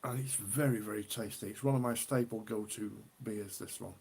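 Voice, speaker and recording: A man's voice: fairly low pitch, fairly even intonation, fairly quick, darkish tone, breathy edge. A middle-aged man from the UK hosting a casual beer live stream, chatty and rambling, often repeating himself. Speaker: beer livestream host.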